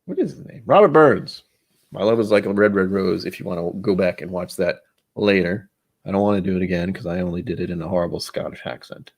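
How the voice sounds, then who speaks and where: This American man talks fast in a low, level, gravelly voice with a darkish tone. He's hosting a relaxed whisky-tasting livestream from a room at home, seated at a desk with glasses, rambling self-deprecatingly to himself as he gets set up.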